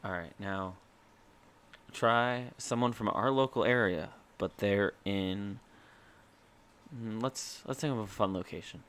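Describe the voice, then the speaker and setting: A man's voice: fairly low pitch, slow pace, fairly bright tone, clear, resonant tone. A man co-hosting a podcast in casual chat, teasing his friend and laughing often. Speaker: podcast co-host.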